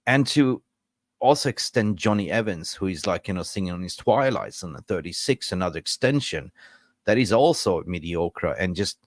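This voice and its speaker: A man hosts a casual football live stream in a low, dry voice. He rambles and rants in frustration, tossing in jokes and greeting viewers from the chat as he goes. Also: expressive, normal speed, no echo. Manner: rambling, chatty, reacting to viewer comments.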